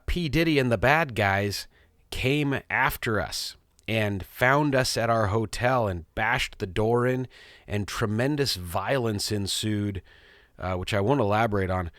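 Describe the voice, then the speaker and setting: A man's voice: on the low side, a bit bright, dry recording, clean studio sound. A middle-aged man hosting his podcast, telling a story in a rambling, self-amused casual monologue. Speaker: podcast host. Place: small home studio.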